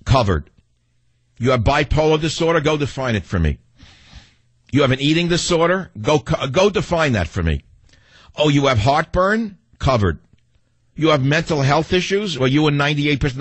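A man's voice: medium pitch, slightly rough, no room sound. A man with a New York accent hosting a talk radio show in a combative, sarcastic monologue.

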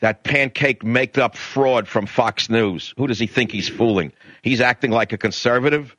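A man's voice: medium pitch, normal speed, a bit bright, no echo. A middle-aged man hosting a talk radio show, speaking in a blunt, indignant, ranting manner. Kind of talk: political talk radio monologue.

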